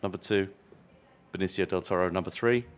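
A man's voice: low-pitched, steady tone, a little fast. A man hosting a chat show, joking and bantering with his guest. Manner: jokey, bantering. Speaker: host. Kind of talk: casual chat.

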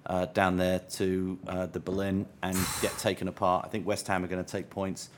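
A man with a deep, low voice co-hosts a casual football chat. He is laconic, mostly offering quick agreement and short, plain opinions. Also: monotone, a little hiss or hum. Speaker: podcast co-host.

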